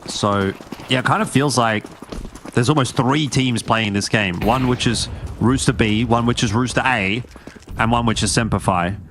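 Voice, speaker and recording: Excitable male esports play-by-play caster. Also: normal speed, a little hiss or hum. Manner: excitable, pitch jumps on big plays. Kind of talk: play-by-play commentary.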